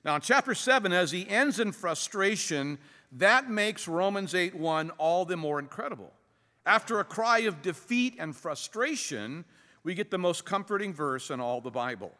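A man preaching a sermon as pastor, earnest and emphatic, with dramatic pauses. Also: high-pitched, expressive, pushed and bright. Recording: long hall reverb.

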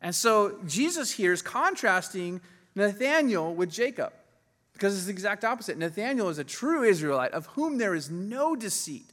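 Animated male preacher in a reverberant hall. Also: high-pitched, moderate pace. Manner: animated, laughs often, voices quoted figures. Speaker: pastor. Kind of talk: sermon.

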